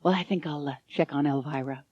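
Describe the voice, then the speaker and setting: A woman voicing a cocky young man, a charming troublemaker, speaking low and quiet. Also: brisk, no room sound, dull audio. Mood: soft.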